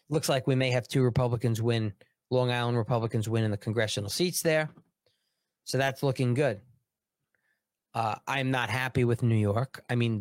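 Indignant male commentator, average pitch, dry sound, emphatic rant. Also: dry recording. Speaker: political commentary host. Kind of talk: ranting political commentary.

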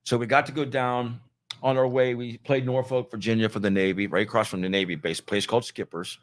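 A man's voice: mid-range voice, steady tone, a little fast. A middle-aged man from Ohio telling a band road story in casual chat, easygoing and quoting people in dialogue. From Ohio, near Youngstown.

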